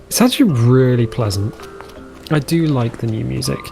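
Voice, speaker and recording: A man talking through a survival game in a loose, chatty way, voice mellow and unhurried at its middle pitch. He breaks off often to react with quick delight, and soft game music plays faintly underneath. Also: gravelly. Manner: chatty, easily delighted, trails off mid-sentence. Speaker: let's play host. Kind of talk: casual gameplay commentary.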